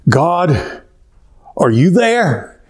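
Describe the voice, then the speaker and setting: A man acting out a desperate man hanging from a cliff, frantically yelling for help in a high voice. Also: big pitch swings, very slow, full character voice. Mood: pleading.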